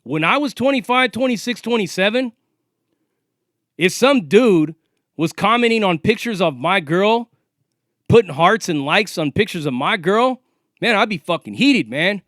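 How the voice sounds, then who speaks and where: A man's voice: high-pitched, lively intonation, unhurried, fairly bright tone, dry recording, clean studio sound. A man in his forties, from California, ranting to the camera in a confrontational, profane and taunting way. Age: 40s. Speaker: vlogger.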